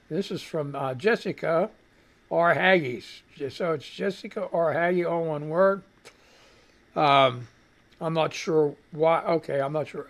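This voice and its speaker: Slow-talking frustrated man muttering. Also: a little high. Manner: frustrated muttering while fixing tech; swears casually. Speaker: radio show host. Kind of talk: casual live-stream commentary.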